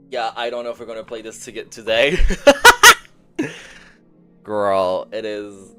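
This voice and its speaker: A man's voice: fairly low pitch, fairly even intonation, a little slow, pauses often, a bit bright, smooth, faint music behind. A man chatting casually and profanely on a game livestream, often breaking into laughter. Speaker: game streamer.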